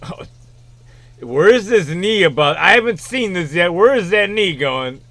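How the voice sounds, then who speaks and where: A man's voice: high voice, expressive, unhurried, fairly bright tone, a little hiss or hum. A man giving rambling, casual reaction commentary on a video, full of fillers and the odd swear.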